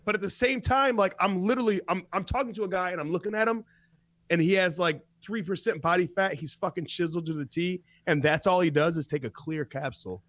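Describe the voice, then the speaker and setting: A man with a slightly high voice tells a rambling story for a radio talk show, swearing freely and laughing often. His voice sits close and dry on the mic. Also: a little fast, fairly bright tone, dry recording. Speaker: co-host. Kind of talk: profane casual chat.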